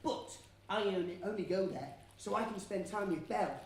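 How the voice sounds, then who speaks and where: A woman playing a silly young man in a stage pantomime, chummy and playful as she gets the audience shouting. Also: medium pitch, moderate pace, close to an everyday voice. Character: Bree, a silly, cheese-loving young man. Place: theatre stage. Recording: echoey theatre from far off, noisy.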